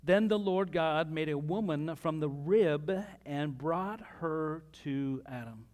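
A man preaching a sermon as pastor, reading scripture with pauses and lively asides to the congregation. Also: on the high side.

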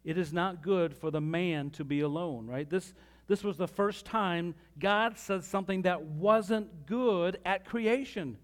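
High-voiced man preaching a sermon. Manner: animated preaching with pauses and asides. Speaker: pastor.

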